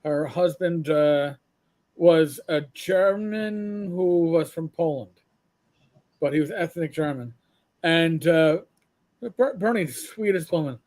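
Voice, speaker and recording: A man's voice: a little high, takes it slowly, a little mellow. A middle-aged man co-hosting a podcast, telling rambling anecdotes in casual chat with blunt profanity. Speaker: podcast co-host.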